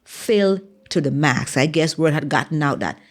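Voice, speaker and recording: A Bahamian woman, a former track athlete, telling stories from her career in an interview, acting out the dialogue with animated energy. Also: sits low, moderate pace. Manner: animated storyteller, acts out dialogue. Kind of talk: storytelling in a sit-down interview.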